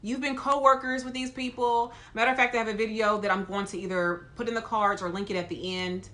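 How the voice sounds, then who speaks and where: A woman who works as a nurse, talking straight to her viewers in an emphatic, lively way. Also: on the high side, a little fast. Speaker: nurse and video host. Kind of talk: casual talk to camera.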